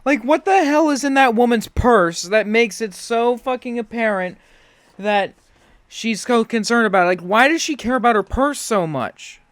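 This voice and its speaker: A man's voice: very high-pitched, normal speed, a bit bright, no echo. A man hosting a reaction video, giving sarcastic, profane commentary.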